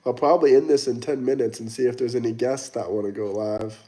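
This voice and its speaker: A young American man hosts a casual livestream, reading the chat and responding to viewers with blunt, argumentative mockery. He talks quickly in a steady, dark, mid-range voice.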